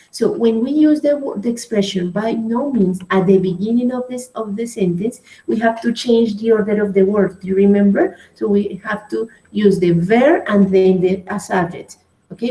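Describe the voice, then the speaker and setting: A woman's voice: medium pitch, dark tone. Patient woman teaching grammar, echoey room. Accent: Colombian Spanish. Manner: patient, praises students by name, many okays and rights. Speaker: English teacher. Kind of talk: online grammar lesson.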